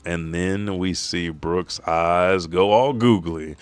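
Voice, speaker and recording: A man hosting a live read-along of a comic, excited, slangy and profane. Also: deep voice, takes it slowly, clear, resonant tone, dry recording. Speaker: host.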